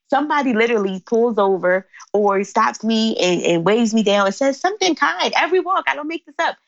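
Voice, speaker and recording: A woman from Philadelphia, a company founder, telling stories animatedly in an interview and acting out quotes with big jumps in pitch. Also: no room sound, lo-fi sound. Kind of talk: animated storytelling in conversation.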